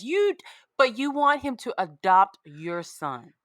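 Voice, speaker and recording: A woman's voice: a little high, sing-song, a little slow, no echo, studio quality. A woman guesting on a podcast, chatting bluntly and swearing freely. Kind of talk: casual chat.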